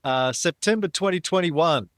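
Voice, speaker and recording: A man hosting a casual investing podcast, quick and teasing in his banter. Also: fairly high pitch, dry recording. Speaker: podcast host.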